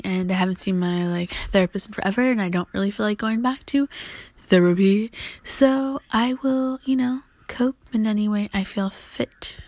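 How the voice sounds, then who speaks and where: A woman's voice: medium pitch, a little mellow, dry recording. A woman in her twenties hosting a solo podcast, rambling and swearing, often dropping to a whisper. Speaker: podcast host. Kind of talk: casual solo podcast monologue.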